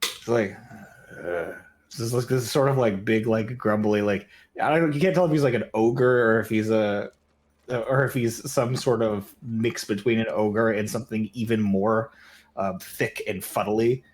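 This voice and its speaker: A man's voice: on the low side, normal speed. A man narrating a tabletop game as game master, casual and rambling, with lots of "like" fillers.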